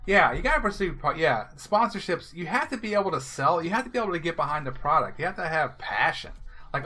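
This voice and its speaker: A man streaming live, giving viewers blunt, animated advice in casual talk. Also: fairly high pitch, quick pace, soft background music. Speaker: game streamer.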